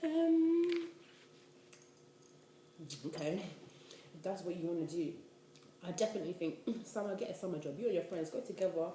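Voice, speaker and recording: A woman in her twenties from the UK, a university student giving casual life advice in an animated, chatty way. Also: lowish voice, moderate pace, pauses often. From United Kingdom. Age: 20s. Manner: chatty, animated, preachy asides. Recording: echoey room, faint noise.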